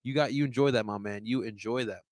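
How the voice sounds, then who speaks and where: A young man hosting a livestream sports talk show, excitable and swearing, getting fired up. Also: medium pitch, fast talker, no echo. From first-generation American.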